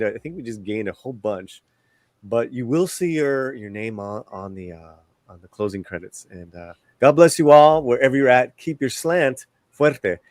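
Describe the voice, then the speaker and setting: A man's voice: medium pitch, a little mellow, dry recording. A man hosting an online talk show, chatting loosely and reading a roll call of members. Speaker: show host. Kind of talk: casual chat and sign-off.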